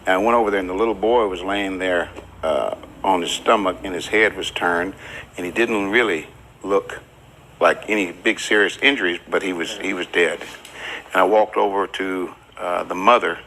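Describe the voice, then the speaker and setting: An older man with a drawl recalls past events for a documentary interview. His voice is bright and sits a little low, and he slips into the voices of the people he quotes. The telling is plain and unhurried. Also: slight background noise, rough recording.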